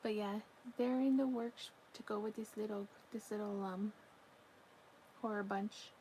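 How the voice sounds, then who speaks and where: This home crochet livestreamer chats in an unhurried, warm, mid-range voice with fairly even intonation. She reads viewer comments, yawns from time to time, and speaks to her pet between comments. There's slight background noise and the audio is poor.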